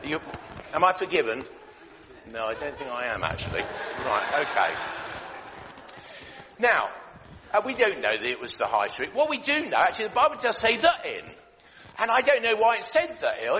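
Animated man in an echoey hall. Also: fairly high pitch, a little hiss or hum. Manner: jokey, lively, many filler pauses. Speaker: church leader giving a children's talk. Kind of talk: playful Christmas children's talk. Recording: echoey hall, dull lo-fi sound.

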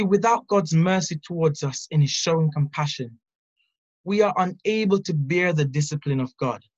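A speaker giving an earnest, measured devotional Bible teaching, reading scripture and reflecting on it. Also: medium pitch, muffled recording. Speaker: preacher.

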